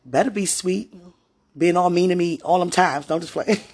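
High, gravelly man speaking tenderly. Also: normal speed. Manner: rambling, tender and religious, drops to soft murmurs. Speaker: partner speaking to a loved one. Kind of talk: heartfelt personal monologue.

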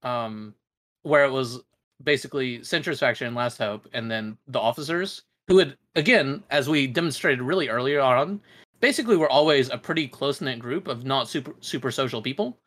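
A man's voice: mid-range voice, expressive, moderate pace, fairly bright tone. A young man guest on a podcast, talking casually in a rambling, hesitant way with many fillers. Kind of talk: casual chat.

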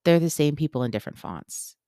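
A woman's voice: low-pitched, expressive, a little fast, mellow, no room sound, clean studio sound. A woman in her thirties hosting a solo podcast, talking bluntly with plenty of swearing as she gives an impassioned pep talk. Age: 30s. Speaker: podcast host.

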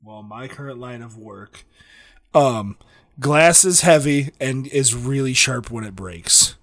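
A man in loose, casual conversation, wandering through his thoughts with plenty of ums and restarts and cracking dry jokes. His voice sits at an ordinary middle pitch, recorded close and dry with no room sound. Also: expressive, slow pace, a bit bright, no echo. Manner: rambling, jokey, many fillers and restarts. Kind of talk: casual chat.

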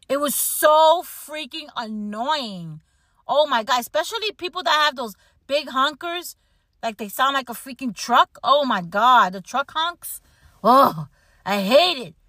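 Woman podcast host, animated casual rant, slightly high pitch, dry recording. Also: dry recording. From United States. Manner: animated ranting, laughs at herself. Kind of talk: casual chat.

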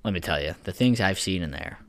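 A man's voice: low voice, expressive, fast, gravelly, fairly bright tone. A man co-hosting a podcast, joking around in casual banter and swearing freely. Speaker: podcast co-host. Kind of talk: casual chat.

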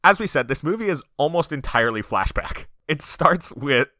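A man's voice: fairly high pitch, expressive, bright, forceful tone, dry recording, clean studio sound. A man co-hosting a podcast, chatting casually and joking about a film. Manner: joking, quick, playful asides. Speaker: podcast co-host.

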